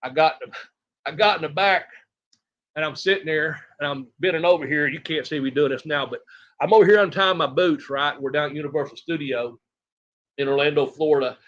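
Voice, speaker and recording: A middle-aged man from Tennessee, a retired wrestler telling rambling, animated stories as an interview guest and acting out other people's lines. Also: on the high side, a little fast. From Tennessee, USA. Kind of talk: casual storytelling interview. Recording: dull lo-fi audio.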